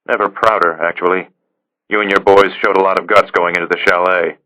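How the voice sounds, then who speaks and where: A man's voice: low voice, little pitch movement, a little fast, sharp tone, rough recording. A man playing a weary, dry-witted spy chief. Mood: measured.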